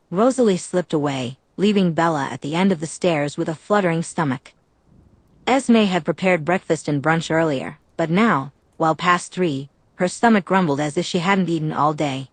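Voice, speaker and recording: A woman reads a fanfiction audiobook in a steady, even narration. Her voice is low and sits close and dry on the mic, with no room around it. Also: moderate pace, no echo.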